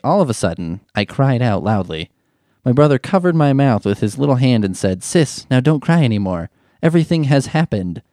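A man's voice: mid-range voice, no echo, clean studio sound. Sarcastic man reading a story aloud. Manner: sarcastic, deadpan asides. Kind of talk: mocking commentary over a read-aloud story.

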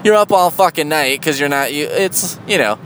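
A man's voice: on the high side, expressive, normal speed, fairly bright tone, slight background noise, low-quality recording. A man doing stand-up comedy with a sarcastic, mocking, profane delivery.

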